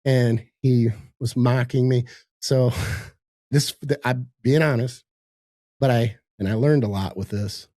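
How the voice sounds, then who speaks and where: An older man joins a podcast by video call from his home office in a high-rise, speaking slowly in a medium-pitched, dark, fairly even voice with no room sound. Dry and close, he tells a story in relaxed, profane chat. He acts out the other people's lines and laughs through the tense parts.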